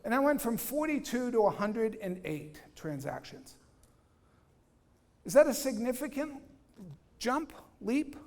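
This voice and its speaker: A man speaks to a room of real estate agents in a lively, punchy way. He acts out dialogues and throws questions back at the audience, sometimes blunt and profane. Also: extremely high pitch. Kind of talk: live training talk to agents.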